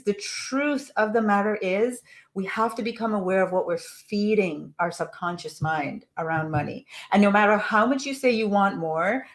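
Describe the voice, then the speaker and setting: Earnest woman coaching on a live call. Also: mid-range voice. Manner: earnest, reads messages aloud and asks listeners to reflect. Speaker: money mindset coach.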